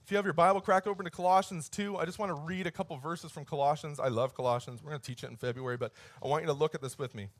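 A man's voice: on the high side, steady tone, racing, few pauses, dry recording. A male pastor preaching a sermon in a conversational, storytelling way, his voice lifting and pushing harder on key points.

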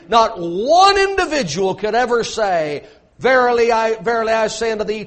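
A man preaching a sermon, emphatic and repetitive, with joking asides to his congregation. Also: sits high.

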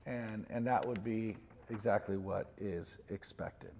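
A man's voice: on the low side, a little slow, a little mellow, a little hiss or hum. A man, a pastor, telling candid personal stories to a congregation in a casual, laughing way and putting questions to his co-pastor. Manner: candid storytelling with laughs, asks co-host questions. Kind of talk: conversational sermon talk. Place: large church sanctuary. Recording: church hall reverb.

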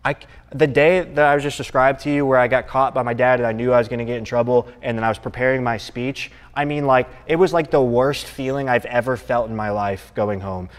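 Young male college-group teacher, relaxed conversational sermon, echoing hall. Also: mid-range voice, smooth. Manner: conversational, asks the room for agreement. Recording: long reverb in a hall.

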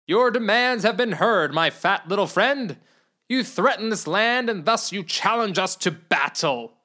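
Bold, vain storybook knight, proclaiming, raised and loud, put on by the narrator. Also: mid-range voice, lively intonation, slow pace, pitched above the performer's own voice. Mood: defiant. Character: boastful vain young male knight.

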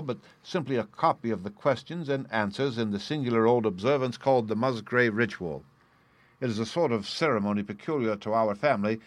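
A man with a low voice reads a classic story aloud in the first person, steady and formal. The sound is close and dry, with no room around it. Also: no echo. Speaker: audiobook narrator.

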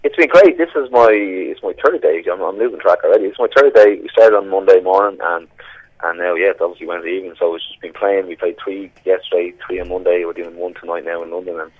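A man with a Dublin Irish accent chats as an interview guest. He has a low voice and talks quickly, cheerful and relaxed. The sound is dry and close. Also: no echo, lo-fi sound. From Ireland. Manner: cheerful, easygoing, laughs often. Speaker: touring musician guest. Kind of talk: phone-in interview.

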